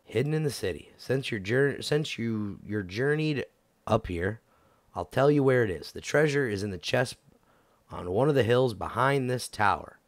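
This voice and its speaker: A man's voice: medium pitch, expressive, normal speed, dry recording. A man giving casual let's-play commentary, goofy and chatting to the game characters as he plays. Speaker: gameplay commentator.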